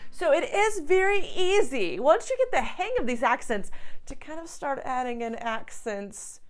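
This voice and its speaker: A woman's voice: high-pitched, sing-song, normal speed. A woman teaching piano, explaining step by step in an encouraging way. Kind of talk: piano tutorial. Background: piano playing.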